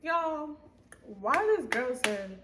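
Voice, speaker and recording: A young woman with a high voice tells a storytime to her viewers, blunt and animated, swearing freely. A faint hum sits behind her. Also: slow pace. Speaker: storytime vlogger.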